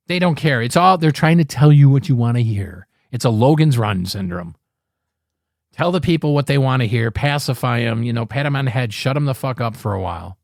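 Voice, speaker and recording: A man's voice: mid-range voice, vocal fry, no room sound, clean studio sound. A man hosting a podcast, ranting angrily about politics, swearing freely and rambling with frequent restarts. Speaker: podcast host. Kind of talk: profane political commentary rant.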